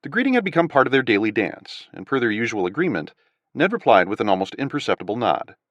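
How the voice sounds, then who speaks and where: A man narrating an audiobook in an expressive, scripted reading. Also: medium pitch, fast, no echo, muffled recording.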